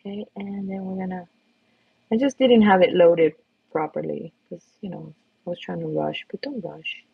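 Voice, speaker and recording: A woman's voice: fairly low pitch, steady tone, moderate pace, vocal fry, slightly rough. A woman face painter chatting casually on a livestream while she paints, encouraging her viewers and talking to her dog. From Florida. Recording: slightly dull lo-fi livestream audio.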